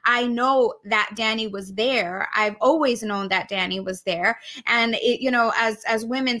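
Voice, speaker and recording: A woman co-hosting a podcast, chatting openly and effusively, often laughing as she talks. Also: fairly high pitch. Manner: warm, gushing, laughs often. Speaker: podcast co-host. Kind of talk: casual podcast conversation.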